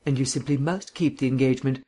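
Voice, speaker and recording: A man voicing a suave, bantering gentleman sleuth with bland, mannered phrasing in an audiobook reading. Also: medium pitch, steady tone, fast talker, breathy edge, natural voice.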